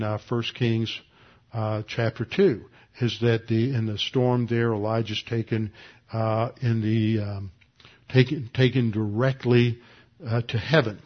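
A man's voice: medium pitch, highs cut off. A pastor teaching a verse-by-verse sermon to his congregation, explaining Greek grammar with frequent "uh"s. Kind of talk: expository sermon. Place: church room with congregation.

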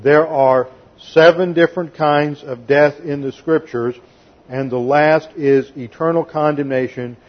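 This pastor's expository sermon is methodical: he reads scripture, unpacks the Greek grammar, and sometimes voices quotes with sarcasm. He speaks a little slowly at a fairly high pitch with fairly even intonation, and the audio sounds dull.

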